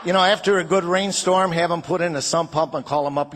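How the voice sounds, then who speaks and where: A man's voice: a little high, steady tone, fairly quick, hardly any pauses, background noise. An older man doing a stand-up comedy routine, firing off punchy one-liners and chuckling at his own jokes. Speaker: comedian and show host.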